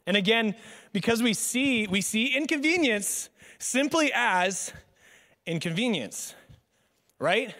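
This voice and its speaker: A man's voice: high voice, slow pace, pauses often. A young man preaching a casual sermon as a pastor, joking and telling stories with lots of fillers. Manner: joking, animated storytelling with many fillers. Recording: long hall reverb.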